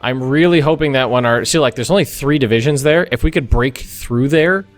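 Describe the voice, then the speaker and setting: Hosting a let's play, a young American man speaks a little fast in a medium-pitched voice, casually thinking aloud through a strategy game with frequent restarts and side comments. The recording has no room sound, only faint music behind him.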